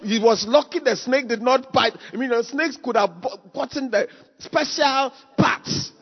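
A man preaching a sermon, telling stories with sudden loud exclamations. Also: extremely high pitch, a little slow, slight background noise. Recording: echoey hall, dull lo-fi sound.

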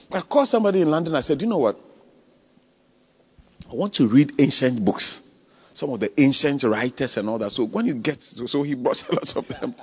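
With a high, lively voice that swings up and down and turns husky at the edges, a man preaches a sermon packed with animated stories and sudden loud cries. The recording is dull and lo-fi, with a long echo like a church hall.

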